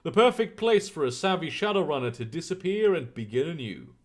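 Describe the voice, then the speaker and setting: Lively-voiced man streaming a game. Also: fairly high pitch, a little fast. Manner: chatty, muses aloud. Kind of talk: reading game text aloud with casual commentary.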